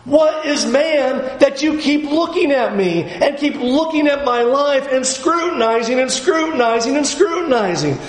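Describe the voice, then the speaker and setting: A man's voice: very high-pitched, lively intonation, normal speed, few pauses, roomy sound, pitched above the performer's own voice, poor audio. A man voicing an anguished suffering man who pleads with God in exasperation. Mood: exasperated.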